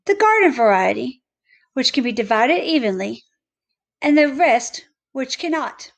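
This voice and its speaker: A woman voicing a temperamental, mustached male number devil who lectures boastfully and is quick to shout. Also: sits high, very animated, gravelly, exaggerated voice.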